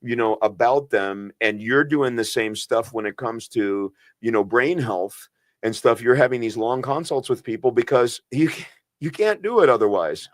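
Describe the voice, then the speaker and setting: A man's voice: mid-range voice, moderate pace, no room sound. A man hosting a radio health show as a doctor, talking in a casual, earnest way with frequent restarts.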